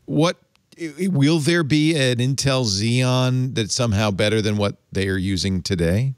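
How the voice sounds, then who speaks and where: A man hosting a casual tech panel chat, animated and playful, thinking aloud about gadgets. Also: medium pitch, moderate pace, clean tone, no echo, clean studio sound. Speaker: podcast host.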